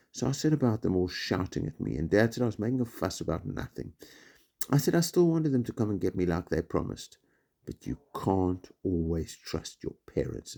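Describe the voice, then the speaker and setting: Gravelly low man reading aloud. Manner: lively storytelling, voices for each character. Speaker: teacher reading to pupils. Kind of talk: reading a children's book aloud.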